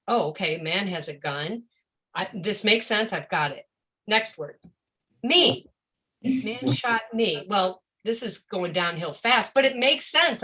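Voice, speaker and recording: A woman teaching a live-streamed presentation on reading for deaf children, animated and often acting out a confused child's voice. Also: mid-range voice. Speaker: educator of deaf students.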